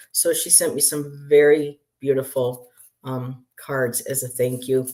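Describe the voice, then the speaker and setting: A woman's voice: a bass voice, level tone, measured pace, mellow. A woman who reads tarot, chatting casually on a livestream and greeting viewers with easy laughter. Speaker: tarot reader.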